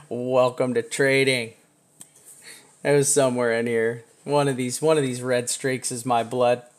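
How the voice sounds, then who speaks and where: A man's voice: medium pitch, slow pace. Chatty man streaming chart commentary. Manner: chatty, self-mocking, jumps between teasing and bursts of excitement. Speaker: trading live streamer.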